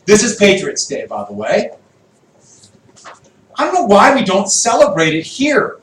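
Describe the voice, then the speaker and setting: A man teaching a history lesson to a class, lively and jokey, quizzing his students as he goes. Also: sits high, a little slow. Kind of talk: classroom lecture with student questions. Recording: echoey classroom, voice from far off.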